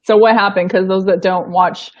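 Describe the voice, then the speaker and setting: A woman's voice: medium pitch, steady tone, moderate pace, muffled recording. A woman co-hosting a casual live-stream chat, talkative and teasing, with lots of fillers. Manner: chatty and teasing, with frequent laughs and fillers. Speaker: co-host.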